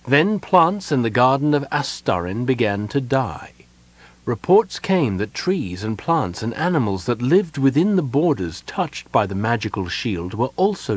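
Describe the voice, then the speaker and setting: A man reading fantasy fiction aloud as an audiobook narrator, measured and expressive. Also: medium pitch, no echo.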